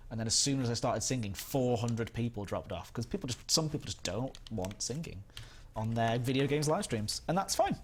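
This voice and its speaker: A man's voice: mid-range voice, lively intonation, moderate pace, a little hiss or hum. Chatty Northern English man streaming. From England. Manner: rambling, chatty, reads chat aloud. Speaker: live stream host. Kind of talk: casual gaming stream chat.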